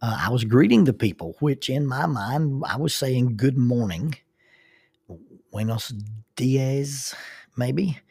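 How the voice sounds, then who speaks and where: Husky Southern man telling stories. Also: mid-range voice, expressive, normal speed, few pauses, darkish tone, dry recording, clean studio sound. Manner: folksy and self-deprecating, laughs while telling. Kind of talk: casual storytelling.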